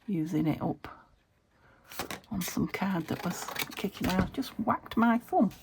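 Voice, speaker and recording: Chatty British woman, gravelly voice. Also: mid-range voice, lively intonation, unhurried. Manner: chatty, thinks aloud, self-talking with little laughs. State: recovering from a fever. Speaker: craft vlogger. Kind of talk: casual crafting chat. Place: home craft desk, window open. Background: traffic through an open window.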